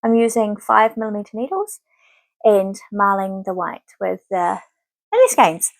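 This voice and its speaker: A woman's voice: mid-range voice, animated, measured pace, vocal fry, no echo. Thirtysomething woman chatting away on her podcast, lots of ums, dry close sound. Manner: chatty and rambling, with many "um"s. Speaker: knitting podcast host. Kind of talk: casual chat to camera.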